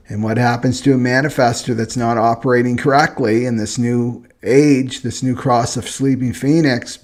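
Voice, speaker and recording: Speaking at a moderate pace with few pauses, a male teacher of astrology and human design delivers a loose, meandering monologue on personality types. His medium-pitched voice is a little mellow, with fairly even intonation. He sounds earnest and keeps asking "right?"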